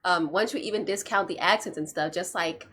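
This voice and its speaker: A woman's voice: lowish voice, a little fast, bright, forceful tone, slightly rough. Chatty woman reviewing rap performances. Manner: chatty, checks her notes, frequent restarts. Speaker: reaction video host. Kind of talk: casual commentary.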